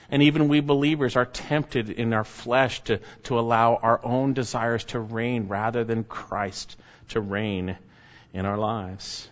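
A man preaching a sermon, pressing each phrase slowly and letting it sink to a hush at the end. His voice rings with a long hall echo, and the recording sounds dull and lo-fi. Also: medium pitch, steady tone. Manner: slow, emphatic preaching that drops quiet at phrase ends.

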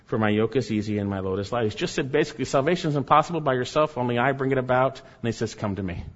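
Guy preaching a sermon, punchy then soft, long church-hall echo, kinda dull lo-fi sound. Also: mid-range voice, expressive, very fast. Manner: emphatic preaching, repeats key phrases, swings between loud and soft. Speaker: pastor.

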